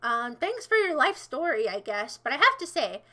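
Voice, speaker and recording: Very high, bright American woman streamer. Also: very animated, moderate pace. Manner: sarcastic, rambling, playfully scolding. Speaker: livestreamer. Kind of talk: casual livestream chat, answering chat.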